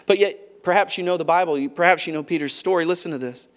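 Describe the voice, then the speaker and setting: A man preaching a sermon as pastor, moving between hushed, quiet stretches and loud, pressing passages, often restarting his phrases. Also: on the high side, fast talker, few pauses. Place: large church auditorium.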